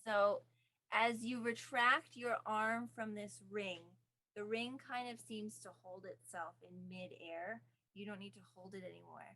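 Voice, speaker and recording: A woman runs a tabletop game as dungeon master. She talks slowly and describes each scene in careful detail, with ums and likes between the words. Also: mid-range voice, fairly even intonation, pushed and bright. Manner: slow, descriptive narration with fillers.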